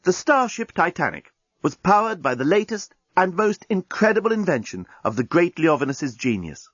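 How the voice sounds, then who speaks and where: Male audiobook narrator, husky, very animated pitch, dull dry sound. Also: moderate pace, no echo. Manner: lively comic storytelling. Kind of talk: scripted narration.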